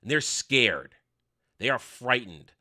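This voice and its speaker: A man's voice: medium pitch, big pitch swings, slow, pushed and bright. A man hosting a commentary channel, delivering a heated, scornful opinion rant and hammering phrases through repetition. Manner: combative, scornful, repeating phrases for emphasis.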